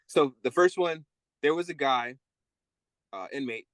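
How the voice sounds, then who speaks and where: A man's voice: mid-range voice, a little slow. A man recalls his years as a correction officer, speaking candidly and at a storyteller's pace. His voice sits in an ordinary middle range. The recording is close and dry, with no room echo. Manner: candid, tells stories acting out inmates' voices. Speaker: guest, former correction officer. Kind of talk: storytelling interview.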